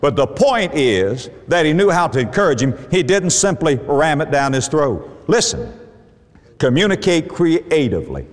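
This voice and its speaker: A man's voice: on the high side, sing-song, normal speed. A middle-aged man preaching a sermon with an emphatic, repetitive cadence. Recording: hall reverb.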